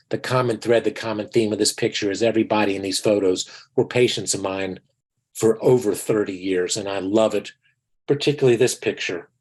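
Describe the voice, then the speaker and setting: In a rough recording, a man in his sixties speaks in a lowish voice. He's a dentist giving an online lecture with personal stories, folksy and earnest, often addressing listeners as his friends.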